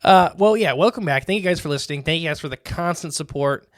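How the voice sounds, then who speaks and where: A man co-hosting a podcast, with a smooth voice recorded close and dry. He rambles cheerfully through announcements. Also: fairly high pitch, fast talker, no room sound. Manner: rambling, upbeat show announcements. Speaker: podcast co-host. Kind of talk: casual podcast chat.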